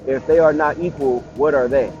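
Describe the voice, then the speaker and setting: A man's voice: mid-range voice, steady tone, normal speed, a little mellow, muffled recording, faint music behind. A man giving casual reaction commentary, blunt and sarcastic, talking back at the clips he plays.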